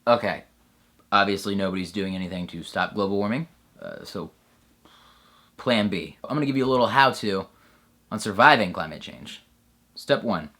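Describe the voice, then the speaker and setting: Sarcastic crude comedy host, bright voice. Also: male voice, on the low side, normal speed, pauses often. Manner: sarcastic, crude, swings from deadpan narration to loud bro shouting. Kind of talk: satirical comedy sketch.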